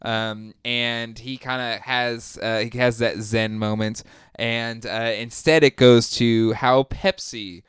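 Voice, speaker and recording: A man in easy podcast banter, his voice smooth and resonant at a middling pitch. He rambles through ideas with plenty of ums and laughs. The sound is close and dry, with no room around it. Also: little pitch movement, slow, a bit bright, no room sound. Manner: rambling, laughs often, many fillers. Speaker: podcast co-host. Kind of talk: casual chat.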